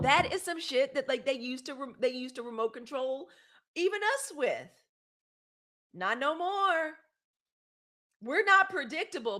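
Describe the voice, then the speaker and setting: A woman hosts a casual livestream, her voice sitting a little high. She talks in an animated, conversational way, breaking off to read and answer viewers' comments. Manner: animated, reads live comments aloud. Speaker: host.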